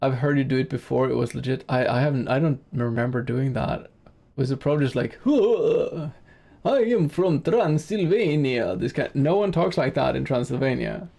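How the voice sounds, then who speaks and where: A man's voice: mid-range voice, fairly quick, creaky, darkish tone. A man streaming a game in casual commentary, chatting with viewers in a rambling, easygoing way and laughing easily.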